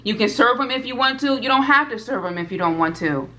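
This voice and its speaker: A woman's voice: fairly high pitch, expressive, fast, bright, forceful tone. A woman in her twenties tells her personal testimony straight to her viewers, fervent and emphatic, and repeats her points. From United States. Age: 20s. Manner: addresses viewers directly. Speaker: food vlogger.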